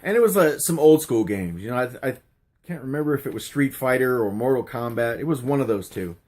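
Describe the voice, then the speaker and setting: A middle-aged YouTuber answers a question tag in a casual storytelling vlog, his medium-pitched, darkish voice moving a little fast with lively intonation. He rambles through stories and questions on his channel, full of fillers and restarts.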